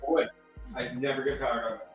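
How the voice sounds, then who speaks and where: A man's voice: mid-range voice, expressive, quick pace. A man joining in from off camera with dry, blunt, teasing banter. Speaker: co-host off camera. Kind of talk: casual banter. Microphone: off-mic, away from the camera. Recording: distant, very echoey room with faint music.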